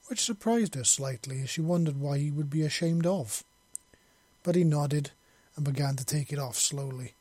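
A man narrating a story in a steady, measured audiobook reading. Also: mid-range voice, slightly rough, dry recording.

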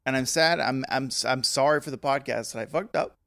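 A man co-hosting a comedy podcast, deadpan and mock-apologetic as he jokes with his partner. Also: mid-range voice, fairly quick, vocal fry, no echo. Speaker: podcast co-host. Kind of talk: casual comedic banter.

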